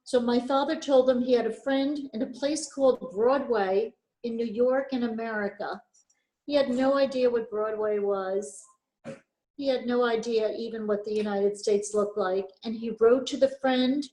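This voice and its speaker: A woman's voice: on the high side, fairly even intonation, normal speed, mellow. An older woman from Poland giving a personal testimony talk, earnest and emphatic, repeating key phrases. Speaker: Holocaust survivor speaker. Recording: echoey room.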